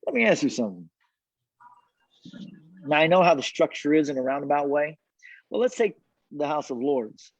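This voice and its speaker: Animated man talking from his car. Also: on the high side, moderate pace, pauses often, no echo. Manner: animated, repeats words, laughs often. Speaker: cigar brand founder, guest. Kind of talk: casual interview chat. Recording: dull dry remote call audio.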